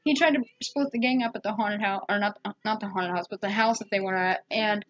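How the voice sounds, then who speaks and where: A woman's voice: medium pitch, fairly quick, fairly bright tone, lo-fi sound, slight background noise. A woman giving a casual, rambling spoken movie review at home, full of fillers and restarts.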